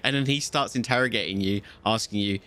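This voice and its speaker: A man's voice: on the low side, a little fast, a bit bright. A man, chatting casually to viewers on a live game stream and rambling through a story. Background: faint music.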